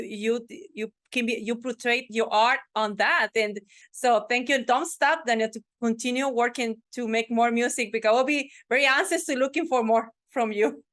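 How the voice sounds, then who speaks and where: A woman with a fairly bright, higher-pitched voice hosts a podcast in an effusive way, restarting often during the casual interview chat. She's from a Mexican family and works from the United Kingdom audience side.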